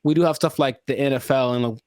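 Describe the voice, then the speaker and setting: A man's voice: mid-range voice, fairly even intonation, fast, a little mellow, clean tone, dry recording, studio quality. A man hosting a podcast, chatting casually and riffing playfully. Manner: playful, riffing, self-correcting. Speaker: podcast host.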